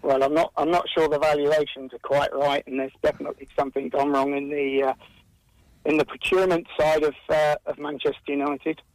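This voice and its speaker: Man phoning into a radio show, higher voice, hesitant, heard on a dry, muffled phone line. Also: little pitch movement, brisk, dry recording. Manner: hesitant, many fillers. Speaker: caller. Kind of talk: phone interview.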